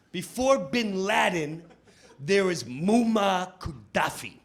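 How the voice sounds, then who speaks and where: A middle-aged man doing animated stand-up storytelling. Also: high voice. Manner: animated, breaks into character voices. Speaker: stand-up comedian.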